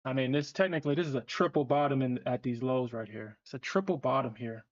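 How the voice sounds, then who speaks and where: At a quick pace and in a mid-range voice, a man runs a live trading stream, keeping the chat casual and animated with plenty of swearing and laughter. The sound is dull lo-fi stream audio.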